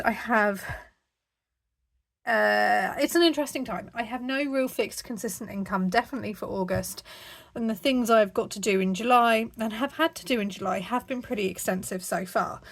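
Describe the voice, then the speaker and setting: A woman's voice: a little high, normal speed, vocal fry, a bit bright. A woman hosting her own budgeting vlog from home, talking casually to camera in a rambling way with lots of ums. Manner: chatty, rambling, frequent ums. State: slightly out of breath. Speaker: budgeting channel host. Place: at home, indoors.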